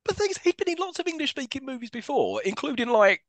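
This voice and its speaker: A man with a bright, forceful voice talks through a film's plot in a relaxed podcast chat. His pitch rises and falls a lot, and he often breaks into laughter as he retells scenes. The recording is close and dry. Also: fast, dry recording. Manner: recaps the plot with laughing asides. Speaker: podcast co-host. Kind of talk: casual film-review chat.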